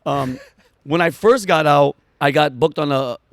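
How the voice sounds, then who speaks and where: A man, a comedian telling a story fast and excitedly in a podcast chat, acting out quotes. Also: a little high, no room sound, studio quality. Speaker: comedian guest. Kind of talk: animated storytelling in conversation.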